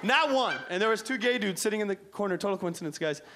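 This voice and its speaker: A man from Iran doing live stand-up comedy as host, energetic, profane and teasing the crowd. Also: sits high, fast. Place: comedy club stage. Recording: noisy club with crowd laughter.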